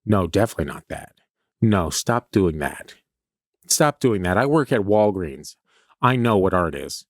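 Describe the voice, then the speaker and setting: A man's voice: sits low, expressive, a little slow, no room sound, studio quality, heavily acted. A man doing a bossy, scolding customer lady. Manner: condescending, clipped scolding. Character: bossy middle-aged woman customer scolding a designer.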